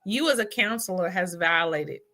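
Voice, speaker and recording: Forceful woman host scolding in commentary. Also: fairly low pitch, expressive, normal speed. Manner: incredulous, scolding. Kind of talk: casual reaction commentary.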